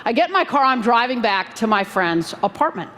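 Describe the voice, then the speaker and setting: A woman giving a motivational keynote talk, telling a story in a lively, conversational way and acting out the dialogue. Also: fairly high pitch, fairly quick. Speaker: keynote speaker. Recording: long hall reverb, faint noise.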